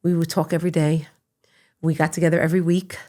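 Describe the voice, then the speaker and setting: A middle-aged woman, a podcast guest, telling personal stories in a casual, animated way that breaks into laughter. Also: sits low, quick pace. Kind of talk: casual conversational storytelling.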